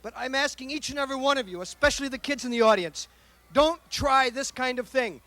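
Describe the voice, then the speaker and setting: A man's voice: extremely high pitch, a little fast, sharp tone, dry recording. A man, out of breath, earnestly warning a live audience not to try a dangerous stunt. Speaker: escape artist.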